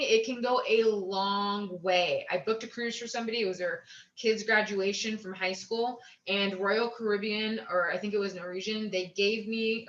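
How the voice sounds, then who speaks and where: A woman with a bright, forceful voice, a little higher than most, talks fellow travel agents through client care in an upbeat, chatty way. She keeps slipping into quick acted-out chats with clients. The sound is roomy and a bit dull. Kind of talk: casual advice talk.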